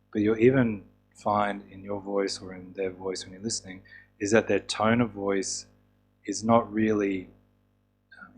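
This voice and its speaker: Low-voiced man teaching, soft music behind. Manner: relaxed, with fillers and restarts. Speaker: EFT teacher. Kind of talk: casual teaching talk.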